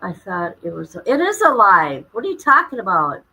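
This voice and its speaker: A woman's voice: mid-range voice, huge pitch swings, normal speed, sharp tone, slightly rough, rough recording. A woman hosting her own livestream, chatting casually and greeting viewers by name while she fumbles with her setup. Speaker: livestream host.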